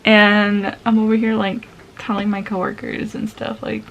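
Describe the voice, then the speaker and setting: A woman in her twenties chats her way through a get-ready-with-me vlog and laughs easily as she tells her story. Her voice sits at an ordinary middle pitch, and there is faint background noise behind it. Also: completely flat delivery, normal speed, creaky, highs cut off. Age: 20s. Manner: chatty, laughs often, acts out quoted voices. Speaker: vlogger. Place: at home, indoors.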